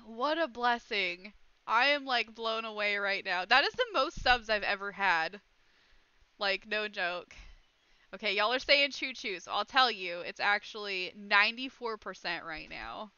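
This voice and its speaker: A woman's voice: a little high, expressive, unhurried, sharp tone, smooth, no echo, lo-fi sound. A woman streaming casually, chatting to her viewers and gushing thanks, close to tears. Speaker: streamer hosting Bible study. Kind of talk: casual livestream chat.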